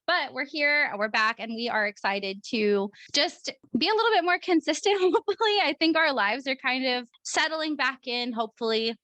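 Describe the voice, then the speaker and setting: A woman's voice: sits high, normal speed, few pauses, pushed and bright, no room sound. A woman co-hosting a casual podcast, bubbly and laughing often. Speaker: podcast co-host. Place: Arizona.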